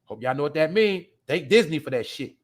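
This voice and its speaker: A man hosting a show, ranting bluntly and profanely at his viewers, swinging between loud outbursts and low mutters. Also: lively intonation, a little fast. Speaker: podcast host. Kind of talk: casual profane commentary.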